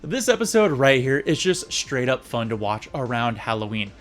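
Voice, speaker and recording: A man's voice: medium pitch, big pitch swings, moderate pace. A man casually reviewing an old episode with sarcastic, jokey asides. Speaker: video reviewer.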